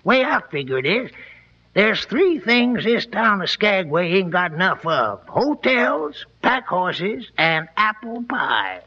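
A folksy frontier lumberjack. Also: male voice, high-pitched, very animated, slow, bright, forceful tone, heavily acted. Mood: friendly. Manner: folksy drawling talk. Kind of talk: 1940s radio drama acting. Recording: dull old radio broadcast recording.

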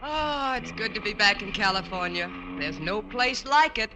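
A woman from New York playing a sensible, quick-witted wife and mother in a 1940s radio sitcom. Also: mid-range voice, expressive, heavy background noise, close to an everyday voice. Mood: teasing. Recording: old radio broadcast recording.

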